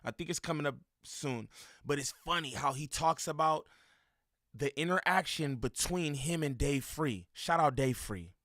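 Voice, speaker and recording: A man streaming live, reacting to a video and calling out names from his chat in loose street slang. His voice sits a bit high for a man and comes across bright and forceful. It sounds dry and close, with no room echo. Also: moderate pace. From Inland Empire, Southern California. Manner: slangy, loose street talk, frequent laughs.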